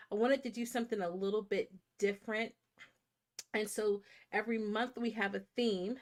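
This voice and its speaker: A woman's voice: fairly high pitch, a bit bright. Chatty woman hosting a movie stream. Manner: chatty, greets viewers by name. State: congested from a sinus infection. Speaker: live stream movie host. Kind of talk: casual live stream chat.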